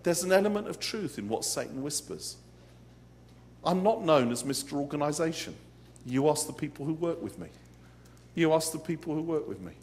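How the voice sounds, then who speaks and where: A man's voice: fairly high pitch, lively intonation, moderate pace, darkish tone, a little hiss or hum. Dramatic, comic male preacher. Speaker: pastor. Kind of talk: live sermon. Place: live conference hall.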